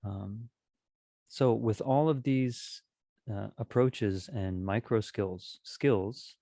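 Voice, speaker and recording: A man with a lowish voice gives a calm, gentle teaching on communication. He talks steadily and often restarts his phrases. The sound is dry and close. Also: drawn-out words, no echo. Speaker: dharma teacher. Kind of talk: talk on Buddhist practice.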